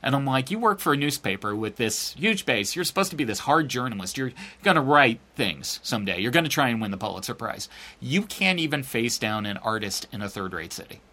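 A middle-aged man telling a story in a casual, sarcastic and profane way, acting out quotes with big jumps in his voice. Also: fairly quick. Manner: animated, acts out quotes with big pitch jumps.

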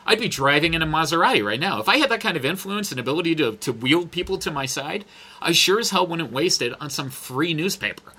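A man's voice: on the high side, expressive, a little fast, sharp tone. A man, a blogger, talking casually and bluntly, swearing and mimicking others in a mocking voice. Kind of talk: animated casual talk.

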